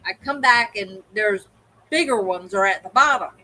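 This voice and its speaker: Animated woman telling a story, bright voice. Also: mid-range voice, moderate pace, low-quality recording. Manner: animated storyteller, acts out quoted people. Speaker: co-host of a livestream hangout. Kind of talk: casual storytelling chat.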